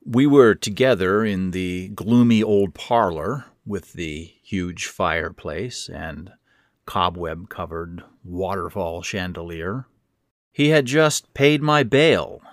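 A man reads a first-person story in a wry, measured manner. His voice sits low and the delivery is slow. The recording is dry and close. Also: a bit bright, dry recording. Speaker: narrator.

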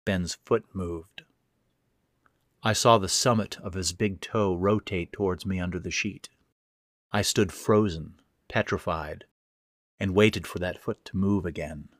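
A man narrating a first-person horror story in a measured, deliberate way. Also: low voice, no room sound, clean studio sound.

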